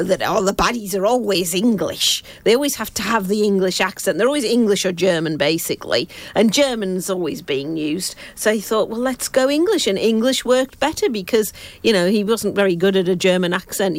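A woman hosts a casual radio chat, her talk loose and meandering with frequent laughter. Her voice sits at an ordinary middle pitch. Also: animated, a little fast, hardly any pauses, no echo. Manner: chatty and rambling, laughs often. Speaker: radio host.

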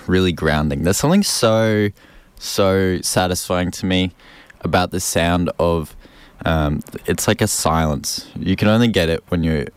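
A man's voice: sits low, no room sound. A young man hosting a community radio show, chatting in an upbeat, rambling way with lots of ums and repeats. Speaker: radio host. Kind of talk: casual community radio chat. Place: radio studio. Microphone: studio microphone.

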